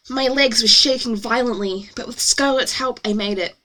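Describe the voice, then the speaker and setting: A woman streamer reading her own novel aloud, with a bright, rather high voice. She breaks off often for playful, self-mocking asides. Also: normal speed, few pauses.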